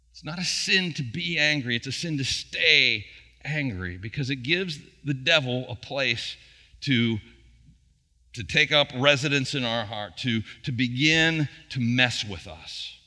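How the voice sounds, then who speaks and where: Bright-voiced man preaching a sermon. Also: mid-range voice. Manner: conversational preaching with rhetorical questions. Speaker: pastor. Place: church. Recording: church hall reverb.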